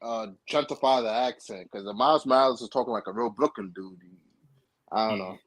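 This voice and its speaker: A man's voice: medium pitch, brisk. A man, co-hosting a casual gaming podcast chat with blunt, emphatic opinions. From New York. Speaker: podcast co-host.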